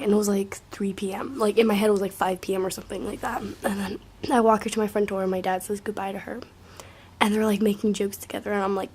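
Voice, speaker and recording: A young woman casually telling a rambling, profane story to camera, full of filler likes and often dropping to a hushed near-whisper. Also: medium pitch, slightly rough.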